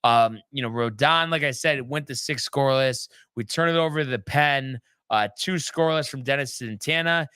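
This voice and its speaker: A man talking through a sports recap in a casual, rambling way, full of ums and small restarts. His voice is bright and crisp, and it sounds close and dry with no room echo. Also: mid-range voice, normal speed, hardly any pauses. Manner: loose and chatty, many ums and restarts. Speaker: sports show host.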